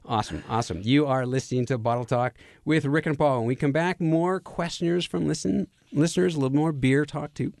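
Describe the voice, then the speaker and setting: A man's voice: fairly high pitch, brisk, gravelly, hardly any pauses, darkish tone, no echo, studio quality. A man co-hosting a radio talk show about wine and beer, chatting casually and joking. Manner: chatty, jokey, reads quotes aloud.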